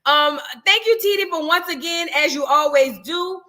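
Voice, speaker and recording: Her high voice is bright and forceful, moving at a moderate pace. As the host of a casual livestream, she thanks viewers and reads their super chats with plenty of sass and chatter, tossing out girl and boo.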